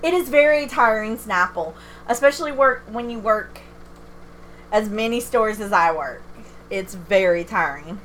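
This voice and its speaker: A woman's voice: medium pitch, expressive, unhurried, a bit bright, slight background noise. A middle-aged woman streaming a game from home, chatting candidly and self-deprecatingly with viewers and laughing often. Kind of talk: casual livestream chat.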